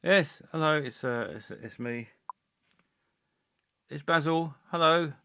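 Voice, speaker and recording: A man hosting a comic live stream, rambling along with halting speech full of fillers and restarts. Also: fairly high pitch, a bit bright, clean tone.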